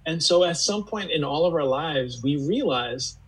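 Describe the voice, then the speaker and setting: A man with a slightly husky voice, speaking in an earnest, reflective way. He searches for his words as he goes, repeating phrases while he works out a thought. It sounds like an unhurried, thoughtful interview conversation. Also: on the high side, expressive, low-quality recording. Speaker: podcast guest.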